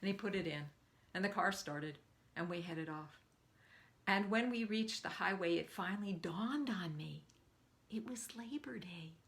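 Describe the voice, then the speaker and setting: An older woman coaching a live online group, telling a personal story and acting out the quoted lines with lively jumps in pitch. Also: moderate pace, gravelly. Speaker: speaking coach.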